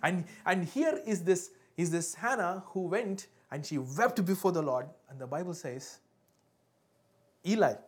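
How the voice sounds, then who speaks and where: A woman's voice: lowish voice, lively intonation, a little slow. A woman preaching a sermon with call and response, fervent and building, breaking into speaking in tongues.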